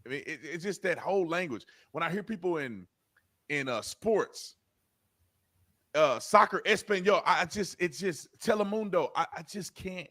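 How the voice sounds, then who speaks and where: Stammering, mocking man, fairly high voice. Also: lively intonation, normal speed, sharp tone, no echo, clean studio sound. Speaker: commentator in played clip. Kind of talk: casual commentary.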